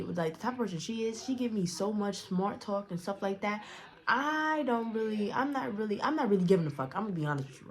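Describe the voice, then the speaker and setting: A young woman telling a casual storytime to her viewers, blunt and profane, animated, with frequent restarts. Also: on the low side. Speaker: storyteller vlogger.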